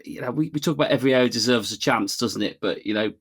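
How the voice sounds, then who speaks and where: A man's voice: mid-range voice, rapid-fire, husky. A British man co-hosting a podcast, talking thoughtfully and hedging with "you know". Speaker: podcast co-host. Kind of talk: casual podcast chat.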